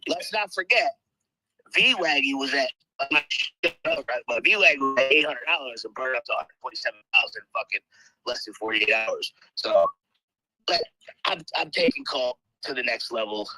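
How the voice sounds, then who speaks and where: Swearing nonstop, a weary crypto promoter brashly pushes his coin during a live audio room session, sounding half-asleep. He speaks at a normal speed in an expressive, sharp, mid-range voice; there's no room sound, but the recording quality is low.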